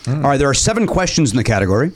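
Animated man hosting a comedy game show. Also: mid-range voice. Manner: quick, joking, animated. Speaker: host.

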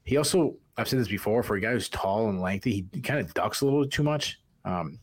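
A man's voice: fairly low pitch, lively intonation, fairly quick. A man with a Boston accent co-hosting a podcast, giving casual fight analysis with lots of restarts and fillers. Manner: rambling, many restarts and fillers. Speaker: podcast co-host.

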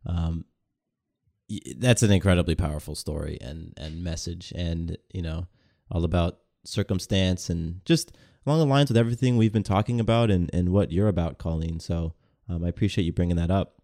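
A man's voice: deep voice, moderate pace, dark tone, dry recording, studio quality. A man hosting a podcast, asking questions and encouraging his guest. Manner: encouraging, affirming. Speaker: podcast host. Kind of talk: casual interview chat.

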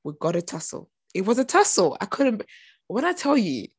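Animated, gossipy young woman, dry sound. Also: mid-range voice, moderate pace, slightly rough, no echo. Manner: animated, gossipy, acts out her own reactions. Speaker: TV show reviewer. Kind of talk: chatty TV recap vlog.

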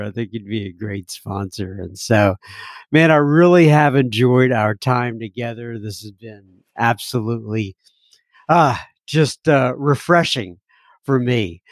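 A man's voice: mid-range voice, no room sound, clean studio sound. A man hosting a recovery podcast, talking casually, reading listener mail, laughing often and slipping into a joking French accent. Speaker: podcast host.

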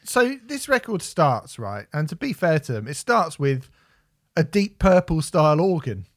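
A man's voice: on the high side, very animated, measured pace, no room sound, clean studio sound. A young man co-hosting a music podcast, ranting and swearing as he mocks a record. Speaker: podcast co-host reviewing music. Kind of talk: casual chat.

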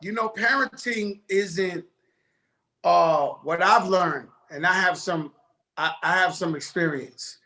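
A man with a New York accent, a guest chatting on a video call in a lively, streetwise way. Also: high-pitched, takes it slowly. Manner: animated, laughing, streetwise slang. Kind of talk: casual video call interview.

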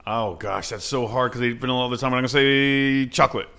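A man's voice: medium pitch, fast talker, gravelly, pushed and bright, clear, resonant tone. Good-humored man podcast co-host. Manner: good-humored, chuckling, earnest. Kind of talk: casual podcast chat.

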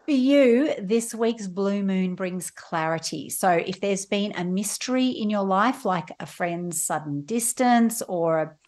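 A woman's voice: mid-range voice, measured pace, few pauses. Reassuring woman astrology coach. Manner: reassuring, gently explanatory. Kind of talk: radio horoscope reading.

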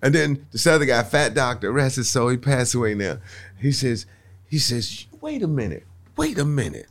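A man's voice: medium pitch, moderate pace. A male comedian telling a story in casual conversation, laughing often and acting out the voices of people in it. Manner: animated, laughs often, acts out voices in his stories. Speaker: guest comedian.

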